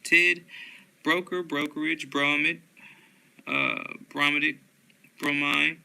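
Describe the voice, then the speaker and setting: Man, steady dictionary reader; bright, crisp and gravelly voice, slow monotone delivery. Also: fairly high pitch, low-quality recording. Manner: slow, flat word-by-word reading with occasional stumbles and fillers. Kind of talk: reading dictionary entries aloud.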